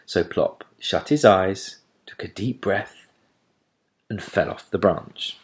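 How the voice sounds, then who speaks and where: A man reading a children's storybook aloud in an expressive, lilting manner. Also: low-pitched, takes it slowly.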